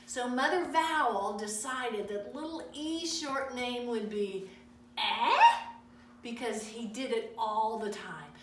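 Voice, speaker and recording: A woman teacher reading stories aloud to young children in a sing-song, animated way. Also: a little high, measured pace, few pauses. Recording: echoey room, from far off, faint noise.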